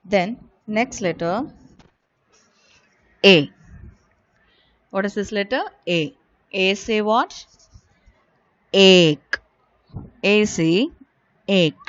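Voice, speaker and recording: A primary school teacher with a mid-range female voice speaks extremely slowly and pauses often in a video lesson for young children, patiently repeating each word and asking the class questions. The recording is dull and lo-fi, with no echo.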